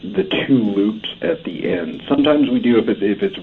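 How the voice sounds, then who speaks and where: A man dials in as a paranormal investigator and explains his recordings in a measured, conversational way. His voice sits a little low. It comes through a tinny phone line with a faint hiss. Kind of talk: casual on-air conversation.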